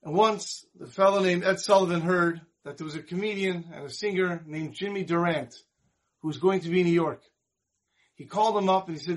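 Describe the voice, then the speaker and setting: A man teaching a Torah class, telling a moral story in an animated storyteller's manner. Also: sits high, a little fast. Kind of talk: storytelling lesson.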